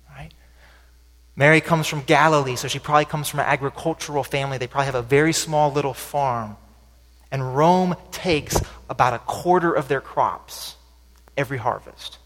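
A man's voice: a little high, fairly bright tone. Man preaching conversationally in a reverberant hall. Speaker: pastor. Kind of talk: sermon. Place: church sanctuary. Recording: sermon recording with long hall reverb.

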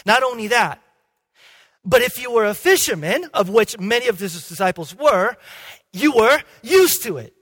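A male pastor preaching a sermon with emphatic swings between loud and hushed delivery, and frequent restarts. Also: extremely high pitch, very animated, moderate pace. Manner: frequent restarts and "okay?" checks. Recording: long hall reverb.

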